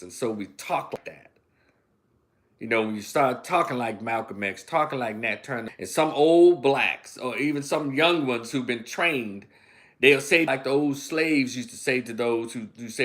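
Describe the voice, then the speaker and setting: Speaking in a mid-range, slightly bright voice, a Memphis-born man delivers a livestreamed commentary monologue on politics. He preaches with emphasis and peppers his talk with rhetorical questions.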